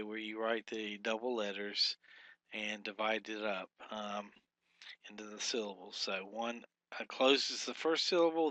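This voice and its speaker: A man teaching a recorded grammar lesson, talking haltingly with many fillers and sounding out syllables slowly. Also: fairly low pitch, bright, forceful tone, no echo. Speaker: Hebrew teacher.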